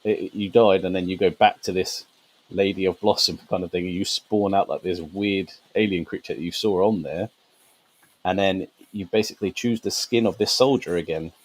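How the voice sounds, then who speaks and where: This man's low voice keeps a fairly even intonation at normal speed while he co-hosts a gaming podcast over poor audio. He laughs a lot and explains things at length, with plenty of fillers in a casual chat.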